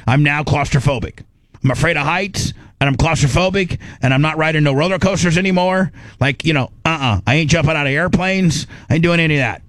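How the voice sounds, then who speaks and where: A middle-aged man hosting a radio show, telling a story in casual chat. He talks in an animated, rambling way, with restarts and fillers, and acts out his own inner voice. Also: on the high side, brisk, dry recording.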